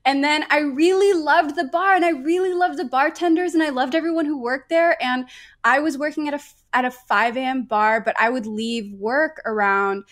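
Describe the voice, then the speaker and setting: A young adult woman, a painter talking as a guest in a casual podcast conversation, animated, laughing often and swearing freely. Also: high-pitched, normal speed.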